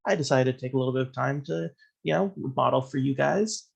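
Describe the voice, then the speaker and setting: A man's voice: mid-range voice, brisk, gravelly, slightly rough, highs cut off. A man voicing a vain male model who talks in a breezy, boastful way.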